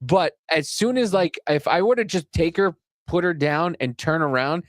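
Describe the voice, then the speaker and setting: A man's voice: a little high, moderate pace, no echo, studio quality. A man co-hosting a podcast, telling a rambling story in casual chat and swearing often. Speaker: podcast co-host.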